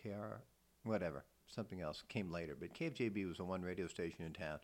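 A man's voice: deep voice, fast. A middle-aged man from Iowa, a voice actor, telling stories in a casual interview, profane and self-deprecating. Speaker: voice actor, guest.

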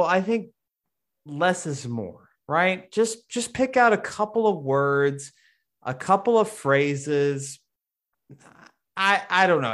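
A man co-hosting a comics podcast, voicing opinions and complaints in a lively, casual way. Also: on the high side. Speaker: podcast co-host discussing comics. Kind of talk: casual chat.

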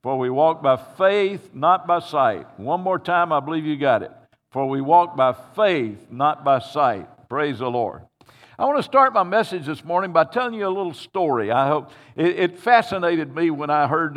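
Man preaching in a reverberant church. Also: mid-range voice. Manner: storytelling with halting restarts. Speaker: pastor. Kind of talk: sermon. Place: church sanctuary. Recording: long hall reverb.

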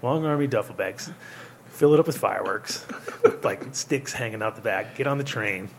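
Brief: podcast host, man, low gravelly voice, profane rambling storyteller. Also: expressive, moderate pace, slight background noise. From Rhode Island. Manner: rambling storyteller, swears, acts out quotes. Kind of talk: casual chat.

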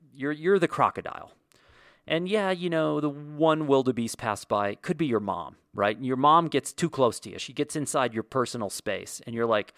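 A man talks through a solo podcast, rambling from point to point with sarcastic jokes and quick mock quotes. His pitch sits in a middle range for a man. The recording is dry and close, with no room echo. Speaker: podcast host.

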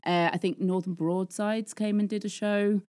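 A woman's voice: medium pitch, fairly even intonation, moderate pace, darkish tone. A woman, a theatre designer chatting as a podcast guest, laughing often and making self-deprecating asides. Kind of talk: casual podcast interview. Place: podcast recording setting.

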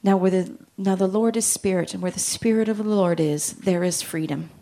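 A woman and parent giving a lively Christian talk on parenting, joking and acting out little quoted voices. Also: mid-range voice, moderate pace. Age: adult with children. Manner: animated, jokey, acts out quotes.

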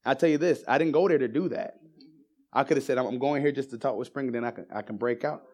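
A man preaching in church, telling testimonies in a storytelling way that builds into excited emphasis. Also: mid-range voice, fast. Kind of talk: sermon testimony.

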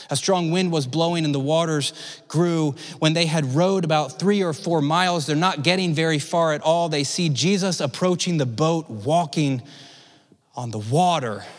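Man preaching in a reverberant church hall. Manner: expressive, drops to soft low tones for emphasis. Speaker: pastor. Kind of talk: sermon. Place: church service.

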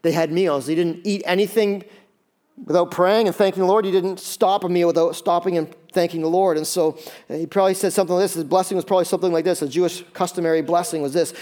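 A man preaching a sermon in a lively, conversational way, with quick asides and acted-out quotes. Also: high-pitched. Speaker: pastor.

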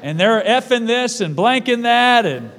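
High-voiced man preaching in a reverberant hall. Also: animated, measured pace, a bit bright. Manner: emphatic preaching with repeated phrases. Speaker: pastor. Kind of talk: sermon. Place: church.

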